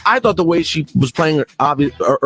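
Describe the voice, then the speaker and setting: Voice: mid-range voice, expressive, fairly quick, fairly bright tone, breathy edge. An interviewer asking a guest probing, challenging questions in a casual chat.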